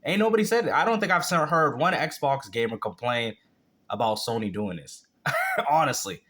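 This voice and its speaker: A man's voice: medium pitch, huge pitch swings, moderate pace, fairly bright tone. Blunt, mocking man ranting. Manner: blunt, mocking, profane trash talk. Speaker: reaction video host. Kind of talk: casual reaction commentary.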